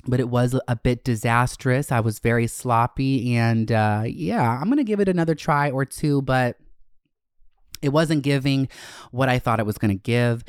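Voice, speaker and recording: A man hosting his own podcast in a camp, chatty solo talk, gushing about himself with sudden swoops up in pitch. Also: smooth, no room sound, studio quality. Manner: gushing and self-hyping. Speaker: podcast host. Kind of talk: casual solo podcast chat.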